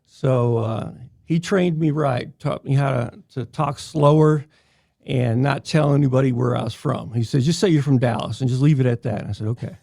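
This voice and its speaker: An older man from New York, a retired police officer, telling stories in a relaxed, casual podcast chat. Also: mid-range voice, normal speed, creaky, no room sound, studio quality. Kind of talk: casual storytelling.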